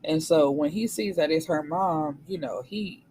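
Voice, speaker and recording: A woman's voice: deep voice, measured pace, a little mellow, a little hiss or hum, rough recording. A woman recapping a novel's plot in a casual, slangy way, swearing freely and acting out the characters. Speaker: book reviewer.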